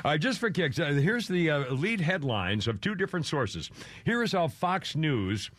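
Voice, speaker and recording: A man's voice: fairly high pitch, sing-song, normal speed, fairly bright tone. A male talk radio host who chats with callers and comments on the news, rambling, laughing and poking fun at himself. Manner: rambling, self-deprecating, laughs often.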